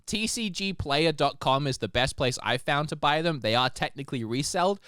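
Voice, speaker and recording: A man co-hosting a podcast in casual chat, laughing often and talking in an animated way. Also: fairly high pitch, a little fast, clean tone, dry recording, clean studio sound. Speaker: podcast co-host.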